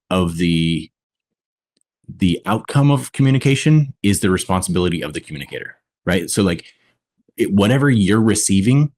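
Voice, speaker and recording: Husky low-voiced man, reflective podcast guest, deliberate delivery. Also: darkish tone. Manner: reflective, deliberate, with drawn-out pauses. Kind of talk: conversational podcast talk.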